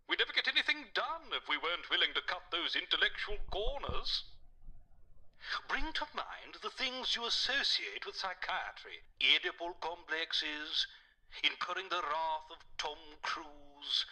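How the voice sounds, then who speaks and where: An actor playing a pompous, sarcastic detective in a game who lectures and talks down to others. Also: male voice, on the high side, bright, forceful tone, heavily acted, poor audio. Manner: condescending, dry and lecturing.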